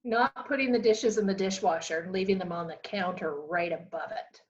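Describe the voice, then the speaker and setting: A woman answering quick questions in a casual chat, giving brief answers and laughing, on a dull lo-fi recording. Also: medium pitch. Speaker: guest. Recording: dull lo-fi sound.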